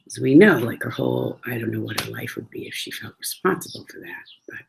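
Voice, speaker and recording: A woman chatting casually about her travels, animated and acting out the dialogue as she tells each story. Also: very deep voice, brisk, gravelly, noisy background.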